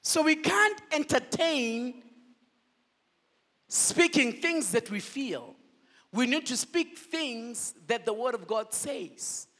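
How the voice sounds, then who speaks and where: A male pastor with a very high-pitched voice preaches a sermon at a slow pace, firing call-and-response questions at the congregation. He's animated, moving between loud declarations and quiet asides.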